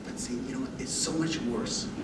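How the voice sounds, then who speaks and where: A man giving a motivational talk, telling humorous personal stories with an animated, self-deprecating delivery. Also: medium pitch, normal speed. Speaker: motivational speaker. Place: university lecture hall. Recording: echoey hall audio from far off with background noise.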